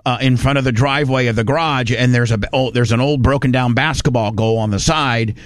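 A man's voice: mid-range voice, fairly even intonation, brisk, no room sound, studio quality. Folksy rambling storyteller man. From Indiana. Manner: rambling, folksy, restarts often. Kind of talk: casual storytelling.

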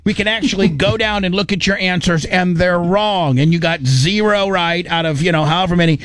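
Male host, casual chat, emphatic, a touch high, dry recording. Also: fairly quick, few pauses, a bit bright, dry recording. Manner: blunt, rambling, emphatic.

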